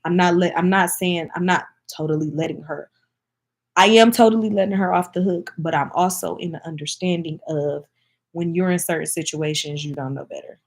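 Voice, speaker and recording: A woman's voice: lowish voice, steady tone, normal speed. A woman from Michigan chatting casually to camera as a vlogger, speaking in an emphatic, heartfelt way and addressing her viewers directly.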